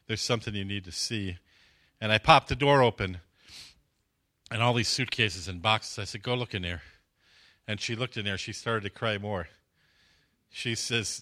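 A man's voice: lowish voice, sharp tone. A man preaching, telling a story and acting out the dialogue, with a dry throat. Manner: storytelling, acts out dialogue with voice swings. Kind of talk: sermon testimony.

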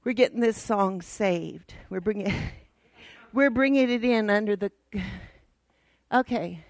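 A woman's voice: medium pitch, takes it slowly, a little mellow, dry recording. A woman Bible teacher giving a casual, teasing and direct church lesson to a worship team.

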